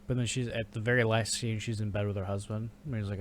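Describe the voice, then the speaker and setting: A man's voice: lowish voice, fast talker, a little hiss or hum. Easygoing man co-hosting a podcast. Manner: relaxed, swears, quotes scenes with amused delivery. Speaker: podcast co-host. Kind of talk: casual movie podcast chat.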